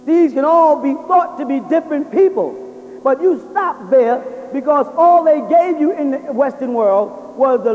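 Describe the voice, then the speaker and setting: Captured dull and lo-fi in a reverberant hall with slight hiss or hum, this clip features a very high-pitched man with a darkish tone. He lectures an audience on religion, sermon-style, drilling them with rhetorical questions.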